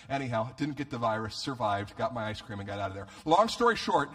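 A male pastor delivers a lively, funny sermon, frequently repeating words as he begins a phrase. His voice sits in the mid-range, and he speaks quickly with few pauses.

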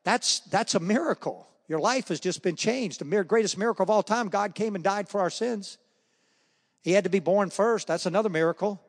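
A man giving a spoken faith testimony, telling his story with animated energy and acting out the voices of the people in it. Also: sits high, brisk. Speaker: speaker sharing his testimony. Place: church hall or meeting room. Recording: long hall reverb.

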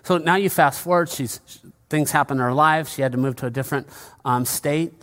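Male pastor, sermon voice, a bit high, conversational and engaging with the congregation. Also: brisk, a bit bright. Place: church.

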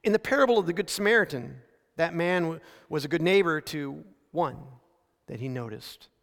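A man with a notably high voice delivers a sermon like a friendly story, easing off the pace to lean on key lines. His words ring out with the long, trailing reverb of a big church sanctuary. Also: lively intonation, gravelly, a bit bright. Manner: conversational storytelling preaching with frequent slowdowns for emphasis. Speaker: pastor. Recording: long reverb of a large hall.

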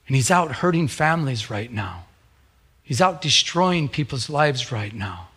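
A man's voice: medium pitch, very animated, measured pace, a bit bright, slightly rough. A middle-aged man, a pastor, preaching a sermon with a fervent, repetitive cadence.

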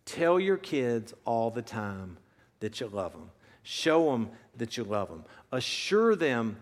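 A man's voice: mid-range voice, sing-song, slow, big-room sound. A man in his fifties preaching a sermon as pastor, earnest and conversational as he tells stories and drives points home. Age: 50s. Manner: earnest, conversational storytelling with shifting emphasis.

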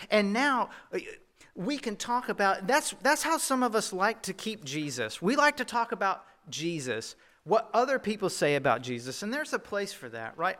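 A Southern US pastor preaches with a light, high-set voice and a bright, forceful edge. He keeps the tone conversational and throws rhetorical questions to the congregation. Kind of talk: sermon.

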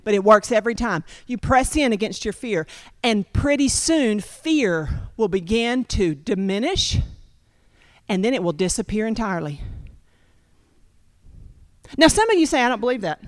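A woman preaching a sermon, talking straight to her congregation with lively repetition. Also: medium pitch, measured pace, long pauses, dry recording, clean studio sound. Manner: animated, repetitive, addresses congregation directly.

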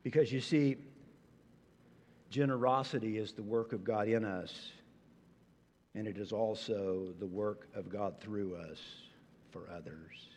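A male pastor delivering a sermon, animated and expressive, sometimes acting out incredulous reactions. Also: on the low side, measured pace, long pauses, long reverb tail.

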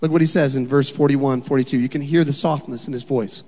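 A male pastor preaching a sermon in an animated, emphatic way, full of rhetorical questions. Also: mid-range voice, quick pace. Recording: long hall reverb.

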